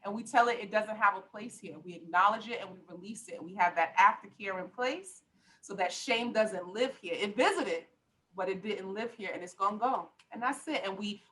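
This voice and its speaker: A woman's voice: mid-range voice, pushed and bright, poor audio. A middle-aged woman life coach talking on a podcast, passionate and emphatic, with lots of preacher-like repetition. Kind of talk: podcast conversation.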